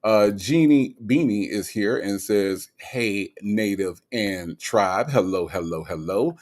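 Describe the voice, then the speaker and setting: A man's voice: fairly low pitch, slow, a little mellow. A man hosting a casual livestream, reading chat comments aloud in a playful, sassy, teasing way.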